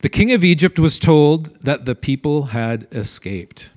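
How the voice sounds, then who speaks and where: A man's voice: on the high side, lively intonation, measured pace. A man reading scripture aloud and explaining it as a Bible teacher, having his listeners repeat lines after him. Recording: dull lo-fi recording.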